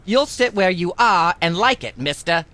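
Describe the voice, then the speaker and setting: A woman's voice: lowish voice, lively intonation, normal speed, a bit bright. An actress playing a pompous, lecturing older female talk show host in a game. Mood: haughty. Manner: haughty, lecturing, scolding.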